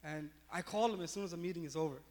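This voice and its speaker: A man's voice: fairly high pitch, racing. A man pastor giving a sermon, telling a personal story with lots of fillers and restarts. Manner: animated storytelling with many fillers.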